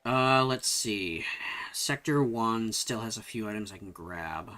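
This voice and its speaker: A man's voice: lowish voice, unhurried, bright, forceful tone. A man giving casual, rambling commentary while playing a game on stream, swearing when surprised. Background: game music.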